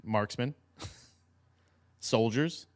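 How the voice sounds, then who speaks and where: A man's voice: medium pitch, drawn-out words. A man co-hosting a casual podcast, teasing and joking as he talks. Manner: joking, teasing, laughs often. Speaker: podcast co-host. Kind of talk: casual chat.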